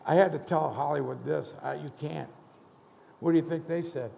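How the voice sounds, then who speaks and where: A man's voice: a little high, moderate pace, gravelly. A man in his seventies, a motivational speaker telling a story on stage and acting out the dialogue with animation. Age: 70s. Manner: animated, acts out dialogue in quotes. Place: conference hall stage. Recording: large hall reverb.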